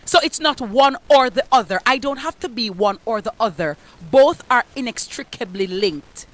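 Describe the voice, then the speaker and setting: A Jamaican radio host giving forceful motivational talk, dropping into patois. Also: female voice, a little high, animated, moderate pace. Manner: forceful, emphatic, mixes patois into her speech. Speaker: radio host, guest speaker. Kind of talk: motivational preaching.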